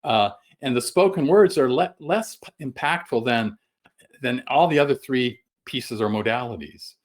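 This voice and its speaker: A middle-aged man presenting a webinar over a video call, folksy and halting, with many fillers and restarts. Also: medium pitch. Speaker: guest sales trainer.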